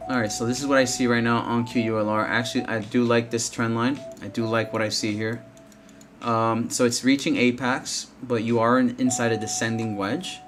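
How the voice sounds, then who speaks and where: A man with a medium-pitched, steady, slightly bright voice hosts a live trading stream, offering casual market commentary at a moderate pace over slight background noise. He talks bluntly, swears often, and repeats himself, yawning and sounding tired from lack of sleep.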